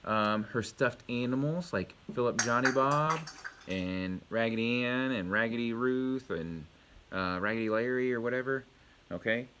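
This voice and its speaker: A man with a bright, forward voice leads a home video lesson for young children. He is patient and encouraging, quizzing the kids and praising each answer. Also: mid-range voice, a little slow, a little hiss or hum. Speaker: elementary school teacher.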